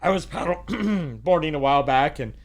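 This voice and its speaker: A man with a slightly high, expressive voice talks at a moderate pace. He's a podcast guest who owns a kayak tour business, chatting casually and rambling with lots of fillers and restarts.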